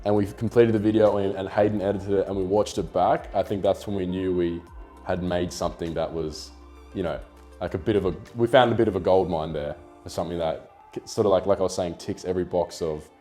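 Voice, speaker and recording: Aussie young guy chatting loose in an interview, low mellow voice, faint music behind. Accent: Australian. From Australia. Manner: relaxed, rambling, with filler "like" and swearing. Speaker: photographer and YouTuber being interviewed. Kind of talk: casual interview talk. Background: faint background music.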